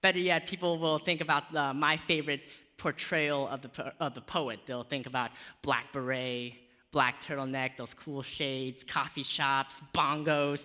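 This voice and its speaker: Bright-voiced young man in a hall. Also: medium pitch, measured pace. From United States. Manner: rhythmic, shifts from soft recited poetry to lively casual talk. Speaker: spoken word poet. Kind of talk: spoken word performance then talk. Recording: long hall reverb.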